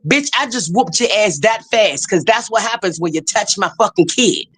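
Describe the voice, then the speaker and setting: A woman tells stories in casual chat. She is blunt and profane and keeps a lively pace. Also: medium pitch, normal speed, slightly rough. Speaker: guest.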